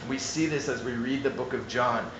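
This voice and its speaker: Earnest male preacher, emphatic then hushed. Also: medium pitch, steady tone, moderate pace, noisy background. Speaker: pastor. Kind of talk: sermon.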